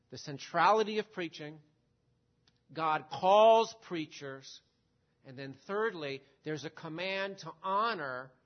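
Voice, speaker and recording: A man preaching an expository sermon in a measured teaching manner, posing rhetorical questions and answering them. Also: fairly high pitch, lo-fi sound.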